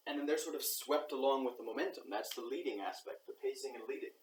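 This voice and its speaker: Man, mid pitch, reflective unscripted monologue acting out quick reactions; distant mic in an echoey room. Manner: thinking aloud, acts out quoted reactions. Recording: roomy echo, far from the mic, faint background noise.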